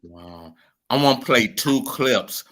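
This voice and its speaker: A man's voice: medium pitch, animated, slow, a bit bright. A man hosting a live show who interviews a guest and speaks straight to his viewers about the phone lines and the comments. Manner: emphatic and profane, addresses viewers directly.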